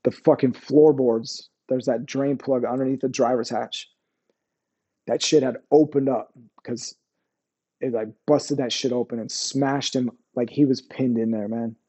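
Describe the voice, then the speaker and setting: A male army veteran recounting war memories in an interview. His voice is mellow and warm at a middle pitch, and his telling is raw and profane, with many restarts and sudden quiet drops. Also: steady tone. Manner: profane, halting, restarts often, lowers voice on painful memories. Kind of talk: candid interview storytelling.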